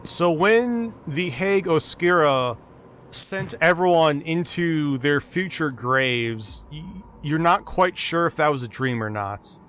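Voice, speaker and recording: A man running a tabletop game as game master, narrating scenes in an unhurried, descriptive way. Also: on the high side, lively intonation, a bit bright, a little hiss or hum.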